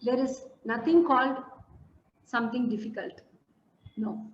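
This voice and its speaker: A woman gives a motivational mental health talk over a video call. Her voice sits high and carries a roomy echo, and the audio sounds dull and lo-fi. She talks earnestly, repeating points with many fillers. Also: unhurried, a little hiss or hum. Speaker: counselor giving a talk. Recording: echoey room, dull lo-fi audio.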